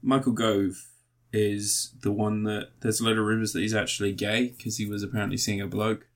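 A man's voice: fairly low pitch, level tone, brisk. A man, co-hosting a casual podcast chat, laughing often and swearing freely. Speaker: podcast co-host.

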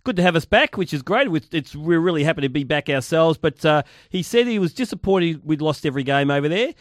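Chatty Australian radio co-host. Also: male voice, fairly high pitch, lively intonation, fast talker, no echo, clean studio sound. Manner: chatty, rambling, laughs easily. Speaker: radio sports show co-host. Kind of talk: casual sports radio chat. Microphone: studio microphone.

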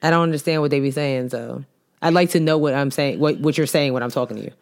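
A woman co-hosting a podcast, chatting casually in animated, slangy banter with frequent laughs. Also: extremely low pitch, fast talker. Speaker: podcast co-host. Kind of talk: casual chat.

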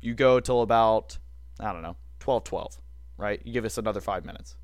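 A man's voice: fairly low pitch, moderate pace, clear, resonant tone, no room sound, clean studio sound. A man co-hosting a casual sports talk show, giving opinionated takes with wry, self-mocking asides.

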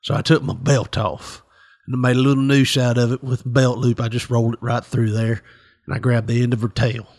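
A man voicing a weary, ornery old farmer who tells his tale in a low, quiet, drawn-out way. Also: level tone, lightly acted. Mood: rueful.

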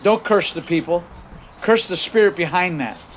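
An older male pastor preaches in a fairly high voice, hammering his key phrases again and again. His sentences often restart before he drives the point home. A faint hum of room ambience sits behind him. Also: moderate pace. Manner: emphatic, repeats key phrases, frequent restarts. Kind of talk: sermon with personal story.

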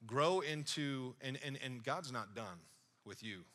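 A man's voice: medium pitch, lively intonation, measured pace, a bit bright. A man preaching a sermon as pastor, calling out to the congregation and slipping into joking asides.

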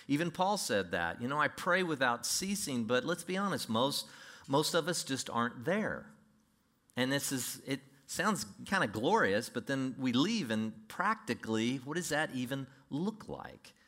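A man preaching a sermon, animated, acting out imagined voices and quoting scripture. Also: on the high side. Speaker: pastor.

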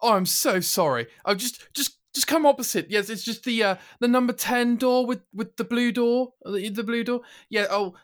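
A man puts on a pretentious British gent, high-pitched and flustered. He stumbles and repeats himself as he apologizes over and over. It is all frantic politeness. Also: fairly even intonation, quick pace, few pauses, pushed and bright, clear, resonant tone. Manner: apologetic, fussy, stammering. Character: posh flustered British rom-com gentleman.

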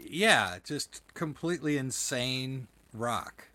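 A man's voice: mid-range voice, expressive, crowd noise. A man who runs a small record label, chatting casually and eagerly, agreeing often. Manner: enthusiastic, quick to laugh, lots of yeahs. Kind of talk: casual conversation.

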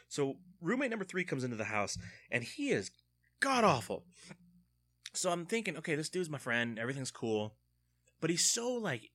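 A man in his thirties tells a long personal story in a loose, rambling way. His pitch swings widely as he acts out what people said. His tone is bright and forward. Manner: rambling, animated, acts out quotes in a high mocking voice.

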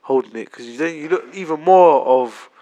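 A man's voice: on the high side, normal speed, dark tone. A man in casual podcast chat, insistent and repeating his point. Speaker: podcast co-host.

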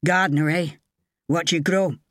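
A woman voicing a gruff, barking older Scottish male head gardener with a Scottish accent, in an audiobook. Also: lowish voice, steady tone, moderate pace, a bit bright, no room sound, studio quality, close to an everyday voice.

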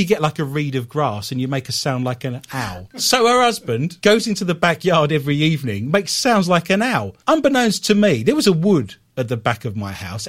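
A man co-hosting a casual comedy podcast, joking and laughing often as he tells stories and reads news items. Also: on the high side. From Britain. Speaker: podcast co-host.

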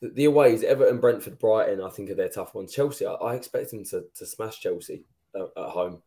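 A man's voice: fairly low pitch, fairly quick, dark tone. A man co-hosting a football podcast, joking and breaking down the run-in in casual chat. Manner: joking, analytical. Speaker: podcast co-host.

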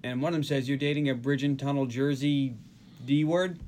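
A Northeast US man hosts a casual podcast, animatedly retelling movie scenes as he recaps films. His medium-pitched voice is a little fast and darkish, with fairly even intonation, and there's a slight hiss or hum in the recording.

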